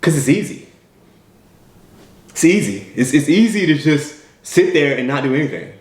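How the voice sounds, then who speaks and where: A man's voice: fairly high pitch, expressive, normal speed, darkish tone. A man giving an emphatic motivational talk, full of repeated rhetorical questions. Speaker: motivational speaker. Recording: echoey room.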